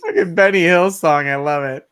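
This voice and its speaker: A man's voice: on the high side, moderate pace, a bit bright, smooth. A man in his forties hosting a late-night livestream, chatting casually, laughing often and swearing freely. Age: 40s. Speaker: livestream host.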